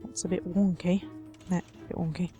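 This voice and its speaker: A woman's voice: lowish voice, fairly even intonation, normal speed, warm tone, soft background music. A woman hosting a city-building let's play, chatting wryly and talking to her simulated residents as she builds. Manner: chatty, wry, talks to her sims. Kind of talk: casual game commentary.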